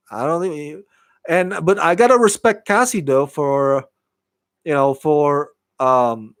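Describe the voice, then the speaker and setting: An animated man talks through his take on a TV episode, swearing freely and slipping into quick impressions of the characters. His voice sits a little higher than most men's. The sound is dry and close, with no room echo. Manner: animated, swears freely, laughs, acts out quotes. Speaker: TV show reviewer. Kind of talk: casual solo review.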